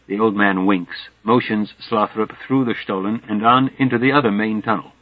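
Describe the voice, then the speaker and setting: A man narrating a literary novel as an audiobook in a measured, wry way. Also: lowish voice, steady tone, no echo. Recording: dull dry studio sound.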